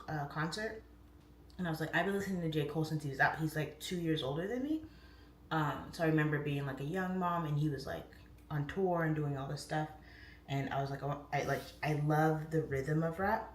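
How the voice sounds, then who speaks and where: A woman in her thirties hosting a casual morning livestream, rambling chattily with lots of "like" and "um" and greeting viewers in the chat. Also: low-pitched. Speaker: livestream host. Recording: roomy, distant mic, faint room noise.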